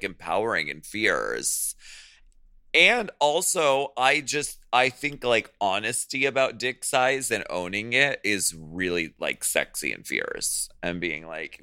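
Man, low voice, bright tone, lively swings in pitch, podcast co-host chatting frankly. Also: smooth, dry recording, studio quality. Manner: animated, frank, peppered with "like" and "fierce". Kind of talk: casual chat.

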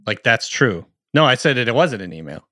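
A man's voice: medium pitch, big pitch swings, fairly quick, sharp tone, dry recording, clean studio sound. A man co-hosting a podcast in casual chat, loose and rambling, often laughing. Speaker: podcast co-host.

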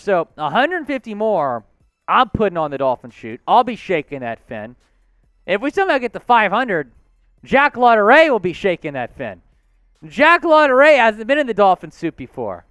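A man hosting a live sports talk stream, excitable and shouting out supporters. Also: sits high, normal speed, clean tone, no echo, faint music behind. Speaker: host.

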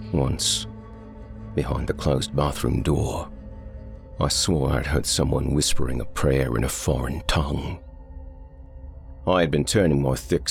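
Gravelly deep-voiced male audiobook narrator. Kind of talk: first-person noir fiction narration.

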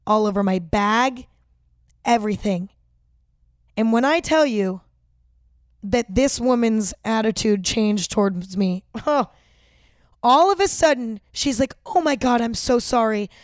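A woman's voice: a little high, no echo, studio quality. A young woman host telling a personal story in a chatty way, swearing freely and saying "like" often. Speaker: vlog host. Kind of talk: casual storytime.

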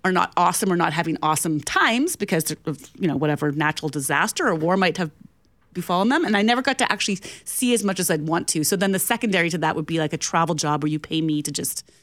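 A woman's voice: on the low side, fast talker, fairly bright tone. A woman co-hosting a morning radio show, chatty and self-mocking, laughing often. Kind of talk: casual radio banter.

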